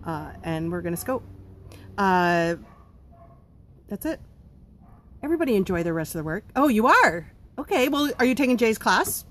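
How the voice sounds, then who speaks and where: A woman's voice: mid-range voice, sing-song, moderate pace, long pauses, a bit bright. A woman hosting a live stream about running a home baking business, answering viewer comments in a blunt, chatty way with lots of ums. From not from Pennsylvania.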